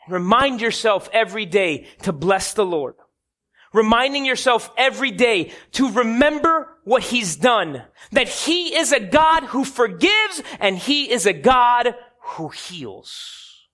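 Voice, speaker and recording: A man's voice: extremely high pitch, sing-song, measured pace, sharp tone. A man preaching a sermon, telling stories dramatically and building to emphatic peaks.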